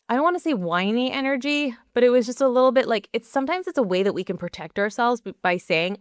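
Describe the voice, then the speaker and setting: A woman's voice: on the high side, fast, smooth, no room sound, studio quality. A young adult woman hosting a solo podcast, telling a personal story in a candid, chatty way with lots of "like". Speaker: podcast host and performance coach.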